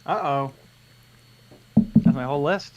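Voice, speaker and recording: A man with a higher, darkish voice speaks slowly while co-hosting a live miniature-painting stream. He jokes, teases, and reads viewer questions aloud in casual chat. The highs are cut off and there is slight background noise.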